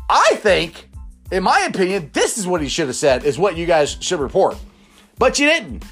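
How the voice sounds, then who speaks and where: A man hosting his own sports talk show, talking in a rambling, opinionated, animated way. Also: high voice. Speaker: sports podcast host.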